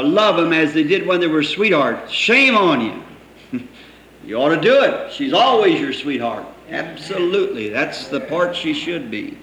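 Folksy preacher in an echoey church. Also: male voice, fairly high pitch, fairly bright tone. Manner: folksy storytelling, quoting others, chuckling. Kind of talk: sermon. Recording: echoey old church recording with faint hiss.

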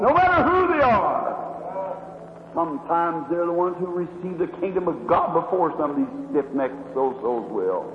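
A man's voice: on the high side, big pitch swings, moderate pace. A man preaching a revival sermon, telling the story in a dramatic, fervent way with sweeping rises and drops. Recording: echoey hall, dull lo-fi with faint hum.

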